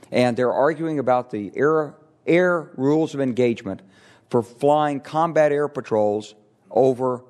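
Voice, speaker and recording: An older man, a retired military officer, giving a lively anecdotal talk on stage, acting out the voices of people he quotes. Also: on the low side. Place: stage before an audience.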